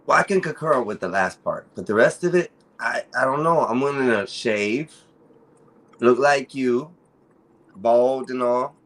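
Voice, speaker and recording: A man's voice: medium pitch, animated, a little slow, a bit bright. A man talking back and joking defensively in a casual comedic panel chat.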